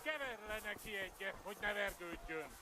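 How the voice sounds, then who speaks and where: A rough bandit in a video game snarls threats and insults at his enemy. His voice sits high for a man. Loud game music plays under him. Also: expressive, a little fast. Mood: menacing.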